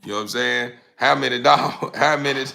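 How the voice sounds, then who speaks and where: A man's voice: medium pitch, fairly even intonation, quick pace, gravelly, pushed and bright. A young man hosting a casual live stream, laid-back and drawling, repeating words as he reads viewer comments.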